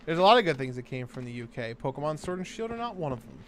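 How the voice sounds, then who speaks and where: A man's voice: a little high, big pitch swings, very fast. A young man co-hosting a gaming livestream, chatting casually and reading out viewer messages. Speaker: livestream co-host.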